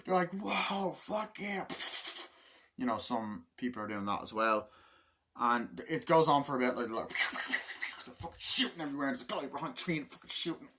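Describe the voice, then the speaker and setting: A man's voice: medium pitch, a little fast, bright, forceful tone. Rambling, profane man reviewing a film. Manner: rambling, full of fillers and profanity, laughs often. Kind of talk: casual film review monologue.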